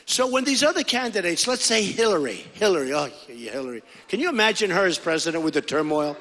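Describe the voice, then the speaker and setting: A man's voice: high voice, big pitch swings, fast talker, fairly bright tone, a little hiss or hum. A middle-aged man giving a rambling, repetitive campaign rally speech, full of conversational asides, into a podium microphone. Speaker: political candidate. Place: large indoor rally hall. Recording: echoey hall with long reverb.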